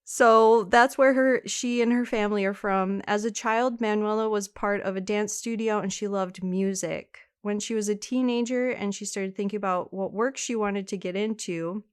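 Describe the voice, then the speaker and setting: A woman's voice: mid-range voice, steady tone, normal speed, hardly any pauses, clear, resonant tone. A woman, co-hosting a podcast and telling a true-crime case in a chatty way. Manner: chatty, laughs easily, reads case details. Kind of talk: casual true-crime storytelling.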